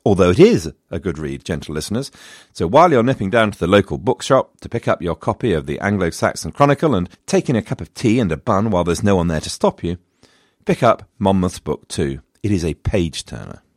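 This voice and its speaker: A man's voice: low voice, expressive, fairly quick, dry recording, clean studio sound. A man narrating history as a podcast host, with wry, chatty and self-mocking digressions. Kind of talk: scripted history narration with comic asides.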